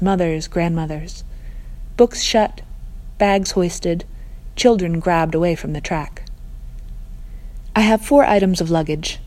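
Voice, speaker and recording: A woman narrating a first-person story in a calm, measured reading voice. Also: fairly low pitch.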